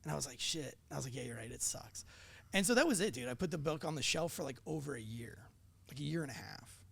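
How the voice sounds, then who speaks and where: Gravelly-voiced man telling animated stories. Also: mid-range voice, fast. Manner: animated anecdotes, acts out quoted dialogue, swears casually. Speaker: podcast guest, former police officer. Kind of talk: casual storytelling chat.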